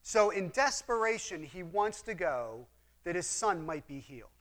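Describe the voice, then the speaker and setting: A man's voice: high voice, very animated, normal speed, a bit bright. A man teaching a Bible lesson, retelling the story in an earnest manner and asking the listeners questions. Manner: earnest, explains with rhetorical questions. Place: room with a map display.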